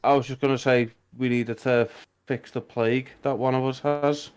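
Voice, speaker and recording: A man's voice: medium pitch, fairly even intonation, moderate pace, music in the background. A man playing a tabletop game, chatting in a casual, eager way. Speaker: player.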